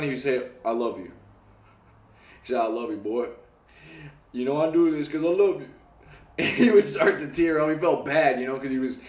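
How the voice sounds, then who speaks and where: A young man in a casual storytelling monologue, animated, swearing casually and acting out the voices of people in his story. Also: medium pitch. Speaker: self-help talker. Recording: echoey room.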